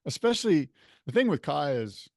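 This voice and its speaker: A man's voice: on the high side, sing-song, normal speed, creaky, a little mellow, no echo, clean studio sound. A man co-hosting a podcast in casual chat, telling stories with laughs mid-sentence. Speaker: podcast co-host.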